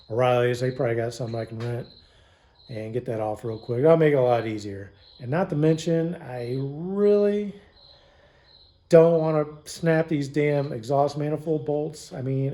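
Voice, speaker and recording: A man's voice: medium pitch, dark tone. A man filming a casual vlog in his home garage while working on a truck, talking loosely with lots of swearing and some sarcasm. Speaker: DIY mechanic vlogger.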